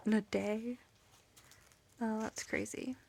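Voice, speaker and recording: A woman's voice: fairly high pitch, steady tone, very slow, vocal fry. A tired woman chatting in a late-night reading vlog from home, giggling, rambling and often dropping to a whisper. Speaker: book vlogger.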